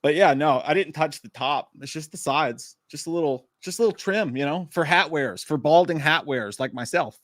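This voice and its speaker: A man's voice: a little high, brisk, hardly any pauses, a bit bright, no room sound, clean studio sound. Joking, crude-talking man on a live stream. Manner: crude, self-mocking joking; rambling, chatty storytelling. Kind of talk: casual live stream chat.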